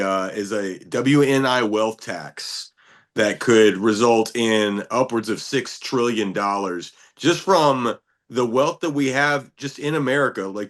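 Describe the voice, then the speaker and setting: A man's voice: medium pitch, a bit bright. A man co-hosting a casual podcast, talking loosely and steering the conversation with questions. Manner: conversational, rambling, leads questions. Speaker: podcast co-host.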